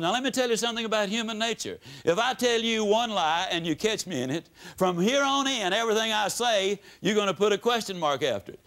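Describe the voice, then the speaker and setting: An older man with a drawl addresses a seminar crowd, his slightly high voice swooping up and down. He spins homespun stories and hammers home each point with long, deliberate pauses. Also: a bit bright. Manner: folksy, storytelling, emphatic with dramatic pauses. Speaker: motivational speaker. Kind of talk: motivational seminar talk. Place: seminar hall before a live audience.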